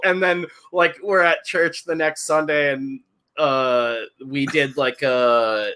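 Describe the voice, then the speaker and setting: A man in his thirties talking in a loose, rambling way, swearing freely and laughing through his own stories. His voice sounds bright and forward. It has the easy feel of a casual podcast chat. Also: on the high side, steady tone, unhurried, clean tone. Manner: rambling, profane, laughs while telling stories. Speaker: podcast co-host.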